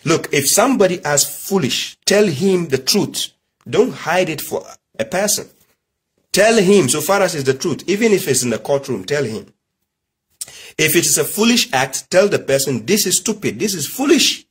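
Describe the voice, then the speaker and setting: A man's voice: a little high, animated, moderate pace, husky. A middle-aged man lecturing in an emphatic way, firing rhetorical questions and telling family stories. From Nigeria. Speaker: religious commentator. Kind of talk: preachy monologue.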